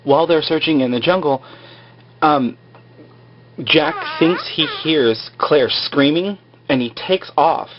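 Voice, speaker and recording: A man's voice: fairly high pitch, slow, highs cut off. A man recapping a TV episode in a loose, casual way, full of fillers and joking asides. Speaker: video blogger recapping a TV episode.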